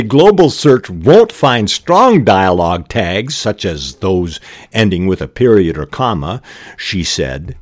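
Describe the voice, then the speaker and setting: A man hosting a podcast, giving measured, scripted advice on writing with occasional restarts. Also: lowish voice, big pitch swings, no echo, clean studio sound. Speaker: podcast host.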